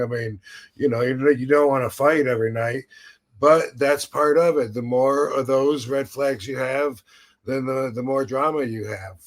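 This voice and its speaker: A podcast host with a medium-pitched voice and fairly even intonation chats casually at a moderate pace. He tells a rambling story full of restarts and quotes he acts out.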